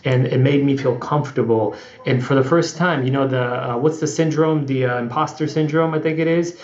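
A man's voice: medium pitch, fairly quick, roomy sound, dull audio. A man being interviewed as a company CEO, telling stories in a casual podcast chat and acting out other people's lines as he goes. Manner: animated storyteller, acts out quotes. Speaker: guest CEO.

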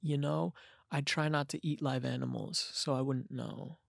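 A young man with a gravelly voice, worn down from not sleeping, trades deadpan, sarcastic jokes on a podcast. His mid-range voice sits dry and close on the mic, with no room around it. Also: medium pitch, moderate pace, no echo. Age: young adult. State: tired from lack of sleep. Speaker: podcast host. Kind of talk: casual chat.

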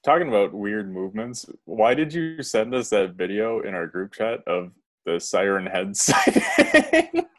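Man, podcast co-host, casual, unhurried, giggly. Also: lowish voice, huge pitch swings. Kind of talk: casual chat.

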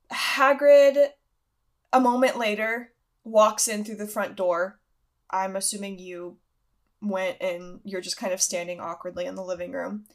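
A woman's voice: mid-range voice, steady tone, a little slow, pauses often. A woman narrating a tabletop role-playing game as game master, chatty and casual, with many fillers.

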